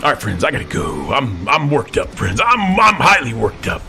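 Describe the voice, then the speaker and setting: A man's voice: medium pitch, huge pitch swings, moderate pace, pushed and bright, soft background music. A man, ranting to camera from his office in the persona of a command sergeant major, preachy and stammering when worked up. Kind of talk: impassioned rant to camera.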